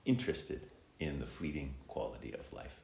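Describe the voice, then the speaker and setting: A middle-aged man with a very deep voice gives a reflective, unhurried dharma talk. He speaks as a Zen teacher, with frequent ums and uhs. The sound is echoey, from a temple hall with faint ambience behind him. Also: sing-song, gravelly, darkish tone, slight background noise. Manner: reflective, unhurried, many filler words.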